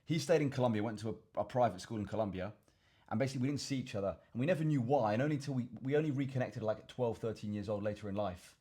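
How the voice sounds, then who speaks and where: Speaking very fast in a warm, husky mid-range voice, a young man from England hosts a laid-back fitness Q and A straight to camera. The coach and vlogger rambles, repeats himself word for word, and refers to his audience as "chaps."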